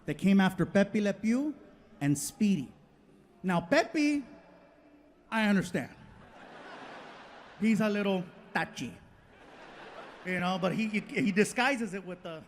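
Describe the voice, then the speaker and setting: High-voiced animated stand-up comedian man. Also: unhurried, pauses often, slight background noise. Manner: animated, storytelling, laughs often. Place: comedy stage before a live audience.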